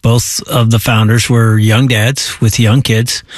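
A man's voice: medium pitch, little pitch movement, slow, dry recording. Middle-aged pastor guy, reflective chat, mid voice, dry close mic. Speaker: pastor and co-host. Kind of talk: casual chat.

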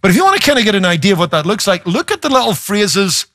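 A man's voice: high-pitched, sing-song, fast talker, fairly bright tone, no room sound, studio quality. A man, a pastor, preaching a sermon with emphasis, shifting pace and playful asides.

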